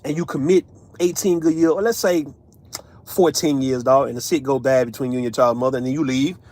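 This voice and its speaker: A man's voice: medium pitch, steady tone, a little fast, a little mellow. A man, ranting casually as an online commentator, profane and emphatic, tagging lines with right and man. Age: 30s.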